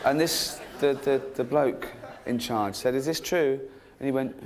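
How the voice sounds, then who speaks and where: A man's voice: mid-range voice, moderate pace. A middle-aged man doing stand-up, telling anecdotes and acting out the other people's voices, often breaking into laughter at his own punchlines. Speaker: stand-up comedian. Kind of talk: stand-up storytelling.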